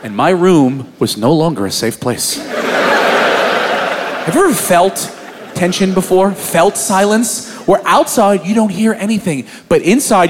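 A man in his thirties performs a crude, animated stand-up set. His voice sits high and swings widely in pitch. Loud audience noise and laughter fill the live club recording. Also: unhurried. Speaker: stand-up comedian.

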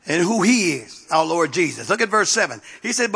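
A man's voice: high voice, big pitch swings, moderate pace, creaky, few pauses, a bit bright, slightly rough. A man preaching a sermon as pastor, repeating phrases and calling out to the congregation for response.

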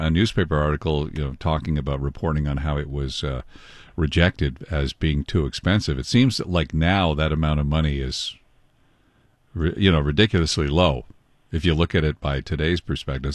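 Deep-voiced radio host, halting. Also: male voice, no room sound, studio quality. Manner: halting, many fillers and restarts. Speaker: morning radio show host. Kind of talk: casual radio interview.

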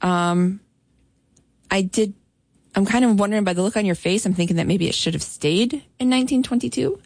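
A woman co-hosts a radio morning show with a teasing, playful manner, filling her talk with relaxed "ums." Her voice sits at a middle pitch. The studio recording is dry and close. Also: fairly quick, no echo. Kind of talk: casual radio chat.

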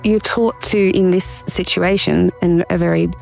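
Woman, interview guest, gravelly creaky voice, earnest and searching, restarts sentences, faint music behind. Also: fairly low pitch, fairly even intonation, a little slow, darkish tone. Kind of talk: personal account in an interview.

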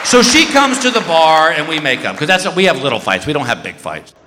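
A man's voice: on the high side, fairly quick, crowd noise, noisy background. A man telling a comic story on stage, acting out the people in it with big vocal swings. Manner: animated, acts out voices with big jumps. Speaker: stand-up comedian. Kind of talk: stand-up comedy storytelling. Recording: live hall reverb, faint ambience.

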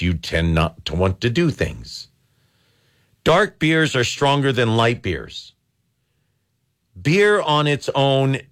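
Male radio host, lively pitch, jokey, reads listener jokes and trivia with quick asides. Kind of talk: casual radio call-in chat.

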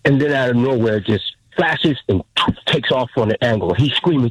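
A man's voice: medium pitch, lively intonation, moderate pace, hardly any pauses, slightly rough, dry recording, poor audio. A man in his fifties, a military veteran phoning in to a radio show, telling a story earnestly and close to tears. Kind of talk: phone-in storytelling.

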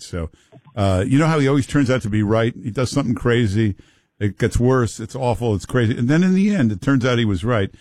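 A man's voice: medium pitch, a little mellow, no echo, clean studio sound. A man talking emphatically in a casual conversation, often restarting his sentences and repeating himself.

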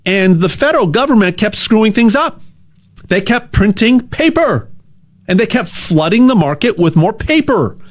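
Rambling man pitching gold, slightly high voice. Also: sing-song, moderate pace. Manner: rambling, repeats words, jokey asides. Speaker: gold sales ad host. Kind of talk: casual sales pitch.

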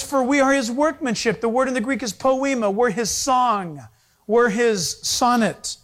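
A man, a pastor, preaching a sermon, lively and joking, acting out little scenes with voices. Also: very high-pitched. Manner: animated, acts out voices and jokes with the audience.

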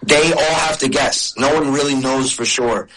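Middle-aged guy, bright voice, chatty storyteller in an interview. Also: medium pitch, normal speed, rough recording. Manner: storytelling, chatty with restarts and laughs. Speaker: comedian and video creator. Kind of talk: casual interview talk.

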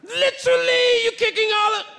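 A comedian voicing an angry male British subway security guard in a badly faked British accent, yelling and scolding. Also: very high-pitched, level tone, moderate pace, creaky, slight background noise, voice pushed up, full character voice. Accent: mock British, put on badly.

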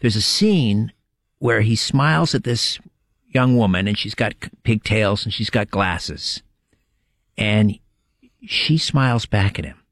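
A man's voice: on the low side, slow, fairly bright tone, no echo. A man guest-hosting a late-night radio talk show, chatting casually with frequent restarts and an amused manner. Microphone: studio microphone.

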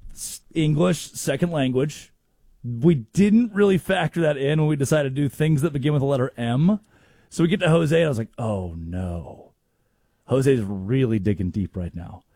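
A man hosting a casual, comedic sports talk show, telling stories with quick asides. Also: on the high side, dry recording, clean studio sound. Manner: animated storytelling with quick asides. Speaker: sports radio host.

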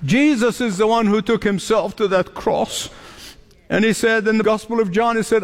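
High-voiced man preaching in a reverberant hall. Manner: preaching, emphatic repetitions, dramatic pauses. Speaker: pastor. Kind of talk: sermon. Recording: long reverb of a large hall.

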